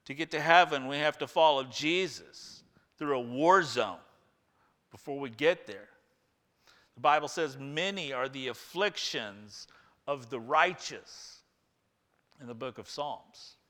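A man preaching a sermon, emphatic and repeating key phrases, dropping to a hush and rising again. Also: medium pitch, expressive, measured pace, long reverb tail. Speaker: pastor.

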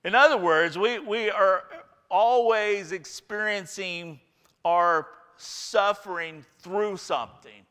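Emphatic preacher in a reverberant hall. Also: male voice, high-pitched, slow pace, smooth. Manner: emphatic, repeats key phrases, swings from loud to hushed. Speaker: pastor. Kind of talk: sermon.

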